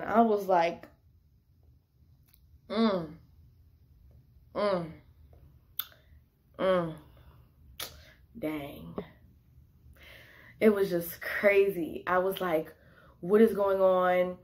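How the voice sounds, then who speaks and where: A young woman vlogging a casual storytime, talking animatedly with lots of filler words and quoting herself. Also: medium pitch. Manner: animated, quotes herself in bursts; heavy use of "like" fillers.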